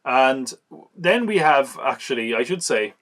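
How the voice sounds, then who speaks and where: A man casually reviewing an action movie on a podcast, chatty and amused, recapping scenes and acting out quick quotes. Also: mid-range voice, lively intonation, fairly bright tone.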